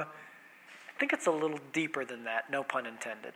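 A man preaching a sermon, animated, swinging between loud emphasis and hushed asides. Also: high-pitched, moderate pace. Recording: long reverb of a hall.

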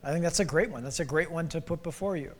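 A man in his forties with a high voice delivers a playful sermon, teasing listeners and calling them out by name. His voice rings in a long church reverb. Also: fast. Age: 40s. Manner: playful, calls on the congregation by name. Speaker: pastor. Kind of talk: interactive sermon. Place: church sanctuary. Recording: reverberant hall.

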